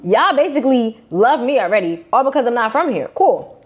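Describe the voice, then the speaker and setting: Young brooklyn woman, new york accent, talks real fast and animated, spilling a story to camera. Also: on the high side. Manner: animated, slangy, acts out quotes in shifting voices. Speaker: vlogger.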